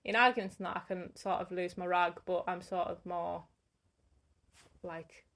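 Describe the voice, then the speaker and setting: A woman's voice: fairly low pitch, steady tone, normal speed, a bit bright. A woman co-hosting a casual podcast, easygoing and giggly, with lots of "like" in her speech. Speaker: podcast co-host. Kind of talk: casual chat.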